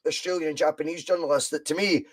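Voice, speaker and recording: A man's voice: a little high, fairly even intonation, fast. A Scottish man hosting a football podcast, talking bluntly and swearing freely as he argues his opinions. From Scotland. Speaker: podcast host. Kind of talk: casual football podcast chat.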